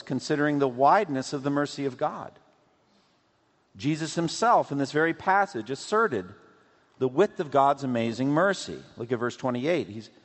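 A man preaching a sermon as a pastor, teaching in a measured, emphatic way. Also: mid-range voice. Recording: long hall reverb.

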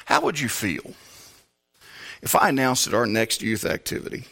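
A man pastor preaching in church with a very bright, cutting tone. His pitch ranges widely, and he moves from low, measured talk to shouted preaching. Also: very animated, gravelly. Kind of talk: sermon.

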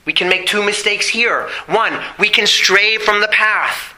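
Bright-voiced man preaching a sermon. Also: high-pitched, low-quality recording. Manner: preaching with rhetorical questions and emphatic slow phrases. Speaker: pastor.

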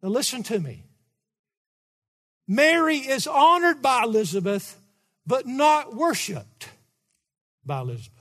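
High-voiced preacher in a reverberant church hall. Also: male voice, unhurried, pauses often. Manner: preaching with sudden loud, animated outbursts. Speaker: pastor. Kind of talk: sermon. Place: church sanctuary.

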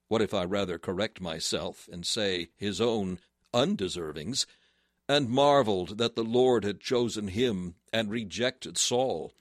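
A man's voice: lowish voice, no room sound, clean studio sound. A man preaching a sermon in a solemn voice that rises to fervent exclamations. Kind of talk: sermon reading.

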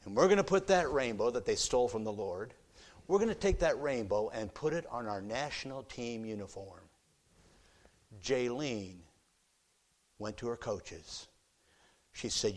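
A man preaching a sermon in a church auditorium, shifting between quiet storytelling and loud, fervent exhortation. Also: mid-range voice, animated, moderate pace. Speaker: visiting preacher.

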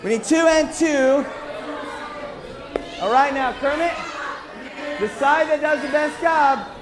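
A man leading a children's church song game, coaxing the kids and singing and shouting cues. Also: very high-pitched, slow pace, crowd noise.

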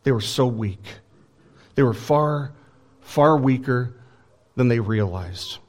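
A man preaching from the pulpit at a mid-range pitch, working through scripture verse by verse. He swings between emphatic, rising declarations and hushed, solemn drops, and sometimes acts out the voices in the text. The delivery is deliberate and earnest. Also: expressive. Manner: expository preaching with dramatic pauses and emphatic rises; voices scripture quotes and acts out paraphrased dialogue. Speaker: pastor. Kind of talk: sermon.

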